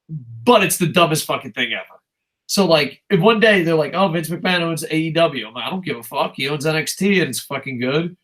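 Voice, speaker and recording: Animated, profane young man ranting. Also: on the high side. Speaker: co-host. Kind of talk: casual podcast chat.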